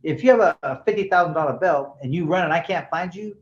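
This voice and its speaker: A middle-aged bail bondsman with a voice on the high side talks at a quick pace in a casual interview. He's a loose, rambling storyteller who acts out the voices of people he quotes, recorded in a roomy, dull-sounding room.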